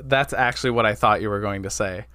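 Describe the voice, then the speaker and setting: A man co-hosting a podcast in casual chat, halting and restarting his sentences often. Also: lowish voice, sharp tone, smooth, dry recording. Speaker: podcast co-host.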